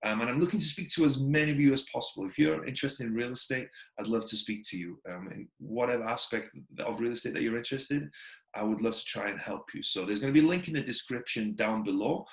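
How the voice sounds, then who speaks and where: This middle-aged man hosts a podcast and keeps the interview chat casual and enthusiastic, saying "that's awesome" again and again. He talks quickly at a medium pitch, with some vocal fry.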